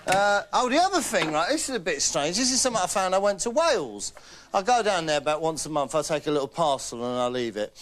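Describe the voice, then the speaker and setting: A man's voice: a little high, expressive, fast talker, a bit bright, slight background noise. A man doing a comic character, a boastful and dim celebrity who drops names, rambling and chatty. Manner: rambling, chatty, keeps saying "right?". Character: boastful, dim name-dropping male celebrity. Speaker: comedian in character. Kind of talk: comic monologue.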